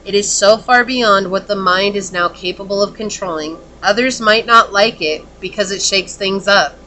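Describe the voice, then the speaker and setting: A woman's voice: mid-range voice, normal speed, pushed and bright, slight background noise. A woman giving a casual pick-a-card tarot reading, talking earnestly and in a rambling way, with lots of "like" and "okay?". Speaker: tarot reader.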